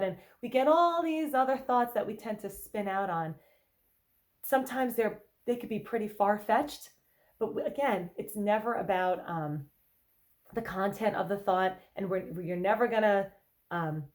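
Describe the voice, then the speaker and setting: A woman's voice: medium pitch, normal speed. Woman therapist in casual conversational talk. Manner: conversational, checks in with "okay?" and "right?"; acts out anxious inner thoughts in quotes. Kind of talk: casual explanatory talk to viewers.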